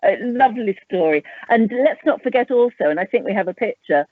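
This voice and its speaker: A woman's voice: medium pitch, expressive, a little fast, no echo. A woman hosting an interview, prompting her guest with encouraging questions. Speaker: host, interviewer. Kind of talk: interview conversation. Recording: tinny phone-like line.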